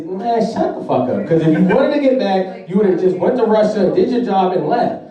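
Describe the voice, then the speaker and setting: A man's voice: high-pitched, expressive, moderate pace, warm tone. A young man performing a profane, laughing stand-up comedy routine. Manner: brash, profane, laughing through jokes. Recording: echoey room from far off.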